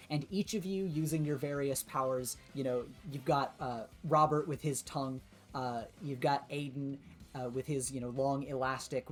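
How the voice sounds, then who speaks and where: A woman narrates a tabletop game as the game master. Her low voice rambles casually with many fillers. Faint music plays underneath. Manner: filler-heavy, relaxed narration.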